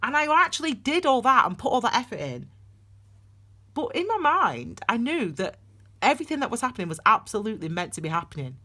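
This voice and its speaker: A woman giving a tarot reading for her channel, talking in a chatty, digressive and animated way. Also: on the low side. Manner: calls viewers "my darlings". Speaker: tarot reader. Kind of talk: casual tarot reading vlog.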